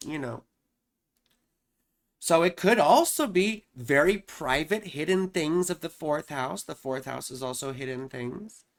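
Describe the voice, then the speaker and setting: A woman astrologer explaining horoscopes in a loose, chatty way, often saying "you know" and "right?". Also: low voice.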